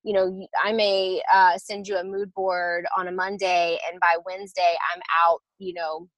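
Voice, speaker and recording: A woman's voice: lowish voice, little pitch movement, moderate pace, a bit bright, dry recording, low-quality recording. Woman, designer type, casual explainer with lots of ums and restarts; dry close sound. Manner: chatty, explanatory, many fillers and restarts. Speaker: interior designer. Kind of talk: casual podcast interview.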